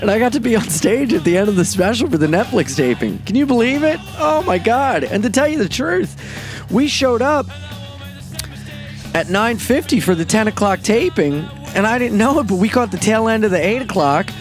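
A man hosting his own podcast, a comedian talking in a brash, profane, excitable monologue. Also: high-pitched, moderate pace, soft background music. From Delaware. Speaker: podcast host and stand-up comedian.

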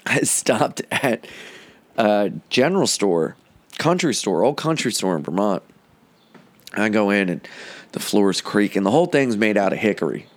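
A man's voice: on the low side, expressive, a little slow. A man hosting a podcast, telling loose, profane stories from the road in a casual chat. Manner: loose and profane, breaks into sung lines and mock voices. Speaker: podcast host and comedian.

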